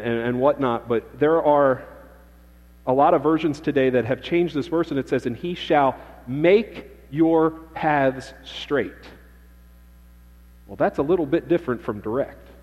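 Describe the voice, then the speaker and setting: In a church sanctuary, a man with a voice on the high side and a darkish tone preaches to his congregation. He is emphatic and repeats key phrases, and the dull, lo-fi recording has long church reverb.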